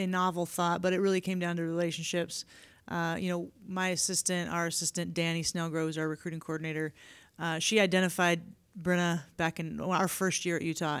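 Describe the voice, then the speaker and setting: A woman head coach answering reporters at a media day podium, candid and relaxed, with plenty of fillers. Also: fairly low pitch, smooth, no echo. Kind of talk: press conference answers.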